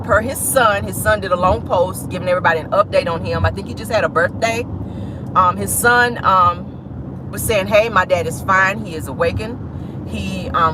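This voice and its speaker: Woman vlogger, loud and expressive pitch, sassy live chat from her car, clear road noise. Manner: animated, sassy, dramatic, talks straight to viewers. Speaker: vlog host. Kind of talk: casual live-stream chat. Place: parked car.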